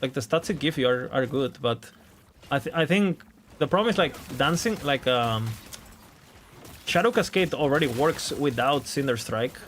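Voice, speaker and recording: A man's voice: medium pitch, animated, normal speed, fairly bright tone, a little hiss or hum. Casual man streaming, thinking aloud. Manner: thinks aloud, hedging, repeating words. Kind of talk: casual game stream chat.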